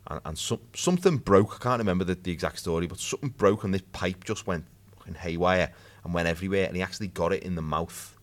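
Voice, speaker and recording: Podcast co-host: man, 30s, very low voice, chatty and self-mocking. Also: quick pace. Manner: chatty, jokey, self-deprecating. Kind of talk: casual chat.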